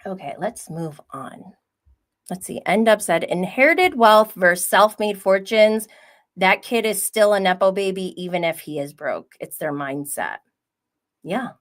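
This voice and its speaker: A woman's voice: mid-range voice, a little slow. A young woman hosting a livestream, chatting casually and gossiping about reality TV, acting out what people said and swearing freely. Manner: gossipy, animated, swears freely, acts out quotes. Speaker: livestream host recapping reality TV.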